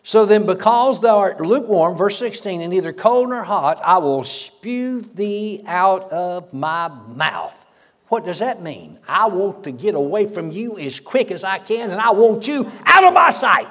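A man's voice: high voice, animated, measured pace, a bit bright. A man preaching a sermon as pastor, fiery and folksy, laughing between lines in a church. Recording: reverberant church hall.

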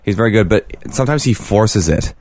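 A man with a very deep voice, co-hosting a casual podcast chat and teasing over-excited online personalities. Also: fairly quick, background noise. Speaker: podcast co-host.

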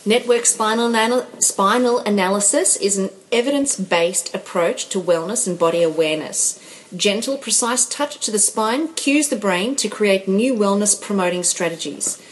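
A woman in a casual group chat who chimes in with short remarks and sometimes reads a passage aloud. Her voice sits at a medium pitch, with faint background noise underneath. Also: moderate pace, rough recording. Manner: interjecting, reads aloud from a text.

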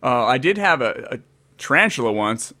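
Casual male talker, thirties, Californian, animated storyteller who acts out his own quotes. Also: medium pitch, normal speed, no room sound. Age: 30s. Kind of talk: casual chat.

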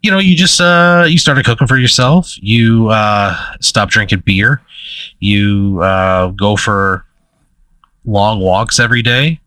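A man's voice: fairly low pitch, takes it slowly, pushed and bright, no echo. A man co-hosting a casual comedic podcast, telling a rambling made-up story with lots of fillers and laughing mid-sentence. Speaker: podcast co-host.

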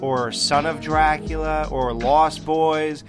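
A man's voice: on the high side, steady tone, takes it slowly, music in the background. A man hosting a horror movie podcast, reading a plot summary in a casual, joking way and laughing at his own slips. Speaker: podcast host.

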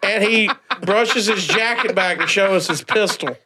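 A man telling a funny story on a podcast, acting out the people in it with lowered voices and laughing often. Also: a little slow, sharp tone, a little hiss or hum.

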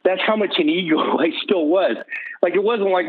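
A man telling his personal testimony as a guest, animated and self-mocking, acting out his own thoughts. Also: high voice, moderate pace, husky. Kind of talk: personal storytelling. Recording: tinny phone line.

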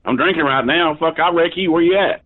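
Guy on a tinny phone line, loud crude rambling, dead dry sound. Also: on the high side, brisk, no room sound. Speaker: prank call target.

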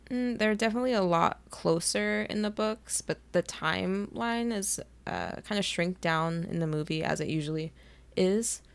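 Gravelly, giggly young woman co-host. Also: fairly low pitch. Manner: gushing fangirl, laughs often. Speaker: podcast co-host. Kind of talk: casual chat.

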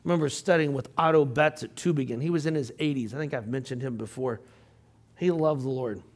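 An older man teaching a Bible class in a conversational way, clearing his throat often and turning to the class with asides. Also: mid-range voice, brisk.

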